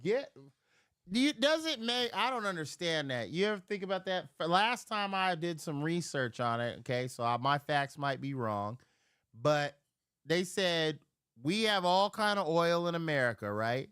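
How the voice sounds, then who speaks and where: A man hosting a live stream, ranting casually and profanely, with sudden jumps into loud impressions of people he argues with. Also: a little high, very animated, normal speed, smooth, no echo, studio quality. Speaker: livestream host.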